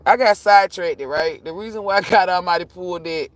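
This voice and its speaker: A man reading tarot on a live stream, ranting casually and profanely, rambling and cutting himself off, jumping between loud bursts and low muttering. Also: a little fast, dry recording. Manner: profane, rambling, self-interrupting; animated, jumps between shouting and muttering.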